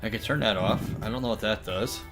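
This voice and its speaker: A man's voice: on the low side, fairly quick, music in the background. A man streaming a visual novel, reading its lines aloud in a playful, joking way. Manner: playful, reads lines with mock voices and laughs. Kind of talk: let's play commentary, reading game text aloud.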